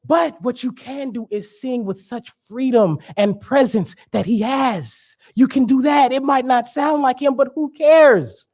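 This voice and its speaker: A man's voice: very high voice, unhurried, few pauses, a little mellow. A young man giving a sermon as a guest speaker, conversational and joking, with emphatic preaching.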